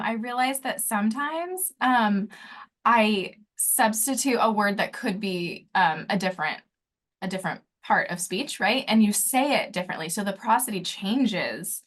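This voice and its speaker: Woman on a zoom training telling a quick story, chatty, little laughs, lots of ums. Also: fairly high pitch, fairly bright tone. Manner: chatty, laughs between phrases, fillers. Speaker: training participant.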